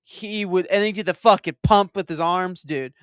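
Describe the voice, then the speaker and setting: A man talks over a film in a casual commentary, animated and profane as he retells his own reactions. His voice sits a little high and sounds smooth and clear. The sound is dry, with no room echo. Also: moderate pace. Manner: excitable, profane, animated storytelling. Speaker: movie commentary host.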